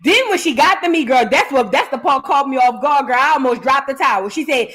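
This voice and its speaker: Speaking fairly quickly with few pauses, this woman has a voice that sits high. She hosts a live reaction stream, chatting casually with viewers, and her storytelling is animated, full of acted-out quotes, with everyone addressed as "girl."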